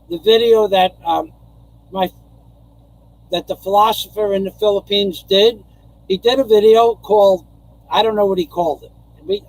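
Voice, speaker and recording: A man's voice: high voice, a little mellow, no room sound, low-quality recording. An older man from New York rambling through a casual live stream, repeating phrases and chuckling as he goes.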